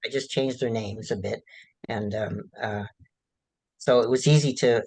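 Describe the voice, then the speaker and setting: Halting, rambling man. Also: medium pitch, fairly even intonation, a little mellow, poor audio. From United States. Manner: halting, rambling, many restarts and fillers. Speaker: author being interviewed. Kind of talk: casual interview answers.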